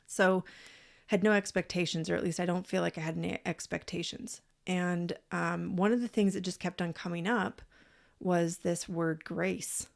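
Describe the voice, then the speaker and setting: A woman co-hosting a podcast, telling a personal story in a casual, animated way, acting out what people said and swearing freely. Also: on the low side, normal speed, creaky. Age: parent, adult. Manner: animated, acts out quoted voices. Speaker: podcast co-host.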